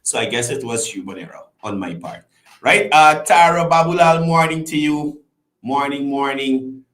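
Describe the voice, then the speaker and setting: A fairly high-pitched male voice at normal speed, heard with reverb. He hosts a casual call-in style commentary show, chatting away and greeting viewers by name in a lively, rising-and-falling delivery.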